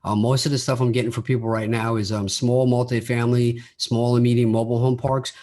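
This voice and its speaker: A man's voice: mid-range voice, level tone, brisk, darkish tone. A man talking casually on his solo podcast, often repeating words as he starts his sentences. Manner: acts out quoted dialogue in his own voice. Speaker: podcast host.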